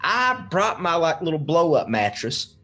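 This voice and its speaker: Young man, animated storyteller, fairly high voice, swings widely in pitch, swears and laughs. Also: measured pace. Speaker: podcast guest. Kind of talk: casual storytelling.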